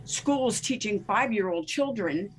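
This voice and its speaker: A woman's voice: mid-range voice, measured pace, a little hiss or hum. A middle-aged woman sharing her testimony in a casual talk-show chat, telling stories with energy and acting out the voices of other people. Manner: animated storyteller who acts out the voices of others. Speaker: guest minister.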